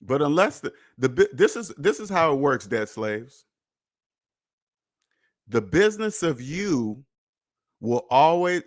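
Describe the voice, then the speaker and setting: A man hosting a personal finance podcast in an emphatic, preachy monologue, repeating points and swearing, swinging between loud jabs and low muttered asides. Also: big pitch swings, a little slow, long pauses. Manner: emphatic, preachy, repetitive, with profanity. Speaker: podcast host.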